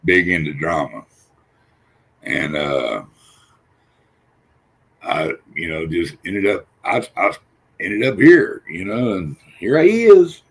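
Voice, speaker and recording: A man's voice: deep voice, sing-song, slow, pauses often, husky. A man chatting casually as a panelist on a video call, rambling and profane, with many restarts. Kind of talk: casual chat.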